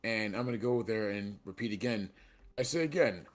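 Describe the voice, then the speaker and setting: A man's voice: fairly low pitch, brisk, soft background music. A man playing a tabletop game, rambling and restarting, switching into his character's lines. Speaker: player. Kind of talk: casual tabletop role-play.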